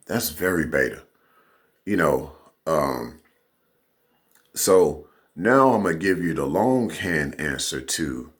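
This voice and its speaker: A man's voice: very deep voice, a bit bright. A man giving a casual, rambling opinion monologue as a vlogger, often checking in with "you know what I'm saying".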